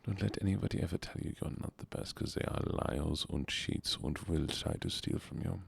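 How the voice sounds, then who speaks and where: Gravelly whispering male streamer. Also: deep voice, normal speed. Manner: soft whispering, playful chatter to viewers. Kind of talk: whispered role-play.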